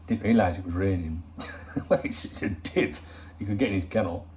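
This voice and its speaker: A man's voice: low-pitched, moderate pace, darkish tone, slight background noise. A man hosting a casual football vlog at home, chatty, joking and swearing freely as he rambles to viewers. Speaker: football channel host.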